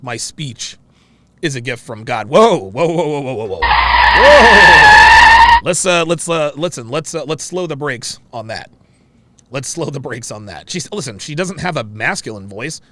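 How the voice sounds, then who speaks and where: A man's voice: medium pitch, big pitch swings, normal speed. A man hosting a reaction show, talking in a casual, exclamatory way and often repeating himself.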